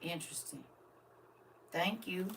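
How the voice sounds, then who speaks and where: An older grandmother chats on a live stream, talking right to her viewers. Her voice is bright and a little tense. She sits a bit back from the camera mic, so she sounds slightly distant. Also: lowish voice, unhurried, creaky, slight background noise. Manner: chatty, talks straight to viewers. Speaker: vlogger. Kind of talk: casual live stream chat.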